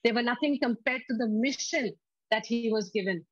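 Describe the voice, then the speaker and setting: A woman's voice: a little high, dry recording, highs cut off. Emphatic woman preaching a sermon. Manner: slow, emphatic scripture reading with call-and-response.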